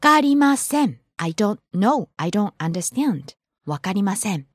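A woman's voice: mid-range voice, big pitch swings, moderate pace, husky, no echo, clean studio sound. A woman teaching on a language podcast, patiently modeling words and pronunciation. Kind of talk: casual language lesson.

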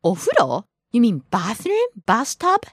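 A woman co-hosting a language lesson as the teacher, slowly and patiently modeling words. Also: mid-range voice, huge pitch swings, breathy edge, dry recording, clean studio sound.

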